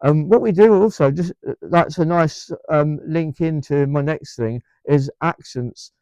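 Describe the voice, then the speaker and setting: A man's voice: on the high side, a little slow, warm tone, clean tone, dry recording. A man with an English accent chatting to camera in a vlog, enthusiastic and rambling, with many restarts and repeated words. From England. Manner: enthusiastic, emphatic. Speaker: vlogger. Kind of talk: casual chat to camera.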